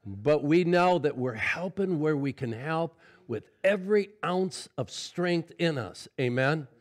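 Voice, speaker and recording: A middle-aged man preaching a sermon as pastor, folksy and conversational, swinging from loud exclamations to quiet asides and often calling out "Amen?". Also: fairly high pitch, lively intonation, unhurried. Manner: folksy preaching with frequent "Amen?" call-outs.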